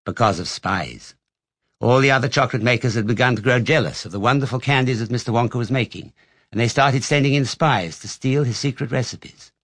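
A man reading an audiobook and voicing a very old bedridden grandfather who tells stories in a low, confiding tone. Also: fairly quick, fairly bright tone, dry recording, studio quality. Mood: telling.

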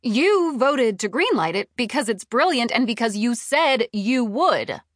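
Brief: woman playing a furious young TV exec, high and lively, close dry audiobook voice. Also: moderate pace, breathy edge, no room sound, exaggerated voice. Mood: outraged. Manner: outraged, pleading. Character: indignant young female TV development executive. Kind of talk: audiobook character reading.

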